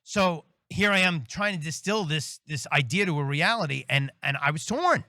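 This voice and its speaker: A middle-aged man, a priest and military chaplain telling his life story in a casual interview, animated and often acting out the voices of others. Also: fairly high pitch, moderate pace, no room sound, clean studio sound.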